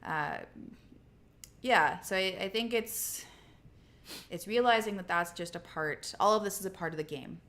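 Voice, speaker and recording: A woman's voice: fairly low pitch, measured pace, long pauses, a bit bright. A woman co-hosting a casual livestream chat, talking in a conversational way with frequent restarts. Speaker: co-host.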